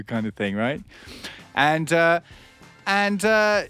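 A man's voice: a little high, very animated, a little slow, sharp tone, soft background music. A man who does stand-up, hosting a radio show and telling rambling anecdotes, laughing and acting out other people's lines. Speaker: comedian and radio host. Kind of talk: casual radio storytelling. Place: radio studio.

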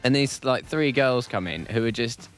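A man hosting a radio show, telling a long anecdote with dry, quick wit. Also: medium pitch, lively intonation, fairly bright tone, faint music behind. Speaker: radio host. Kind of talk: casual studio banter. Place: radio studio.

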